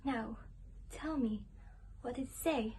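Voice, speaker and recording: A woman's voice: a little high, slow pace, a little mellow, slight background noise, poor audio. A woman playing an impatient, lovestruck Juliet in an amateur school play. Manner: impatient, pleading. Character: eager, lovestruck young Juliet.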